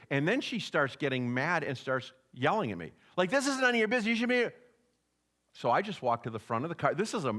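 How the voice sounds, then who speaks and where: A bright, forceful man's voice, pitched a little high, preaching from the pulpit. He is a middle-aged pastor who jumps into little acted-out voices while telling stories in church. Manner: storytelling preacher who acts out voices of people in anecdotes. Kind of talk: sermon.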